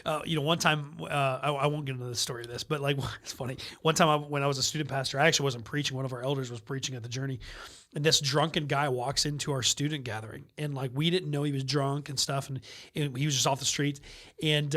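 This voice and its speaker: A man, a pastor guest on a podcast, telling stories in lively casual conversation with quick asides and easy laughter. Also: medium pitch. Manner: animated storyteller, quick asides and restarts, laughs easily.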